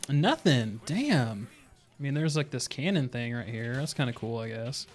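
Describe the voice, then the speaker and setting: A man's voice: medium pitch, lively intonation, moderate pace. Laid-back man streaming a game. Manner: laid-back, laughing, rambling asides. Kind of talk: casual gameplay commentary.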